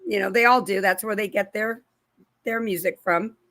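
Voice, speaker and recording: A woman's voice: mid-range voice, steady tone, moderate pace, fairly bright tone, no room sound. A middle-aged woman hosting her own channel, talking casually and in a rambling way about faith, often acting out the voices she quotes. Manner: rambling, with restarts and asides to viewers. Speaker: channel host. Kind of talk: casual religious commentary to camera.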